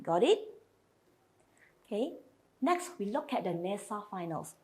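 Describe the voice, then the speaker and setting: Slow, patient woman teaching sounds. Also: medium pitch, big pitch swings, a little mellow. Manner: patient, spells out and repeats each sound. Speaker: language teacher. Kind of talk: slide lesson.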